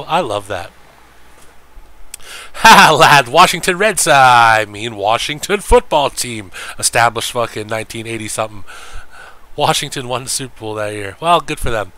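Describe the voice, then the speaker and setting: A man's voice: mid-range voice, lively intonation, moderate pace, pushed and bright. A man streaming games and chatting casually with his viewers, cursing freely, joking and rambling. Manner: profane, joking, rambling, mimics friends in quotes. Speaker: game streamer.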